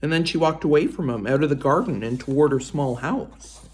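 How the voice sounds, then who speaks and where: A woman reading a children's chapter book aloud in an expressive storytelling voice. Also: low-pitched, brisk. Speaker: reader.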